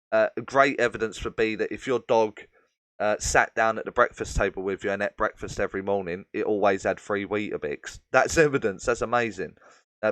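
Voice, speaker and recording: A man's voice: lowish voice, a bit bright, no room sound. A man hosting a live question-and-answer stream as a medium, explaining at length with many fillers and addressing viewers by name.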